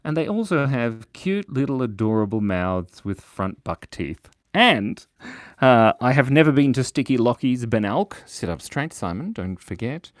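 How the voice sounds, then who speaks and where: A man's voice: medium pitch, measured pace, dry recording. Jokey guy hosting a kids drawing stream, bouncy up-and-down voice, dry close sound. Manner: playful, jokey, animated, reads chat aloud. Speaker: drawing show host. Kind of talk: live-stream drawing lesson reading chat.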